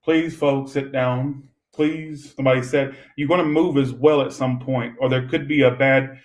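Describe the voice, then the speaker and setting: A man's voice: medium pitch, steady tone, normal speed, rough recording. A young man giving a chatty, rambling live-stream tarot reading, swearing freely and talking straight to his viewers. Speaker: tarot reader.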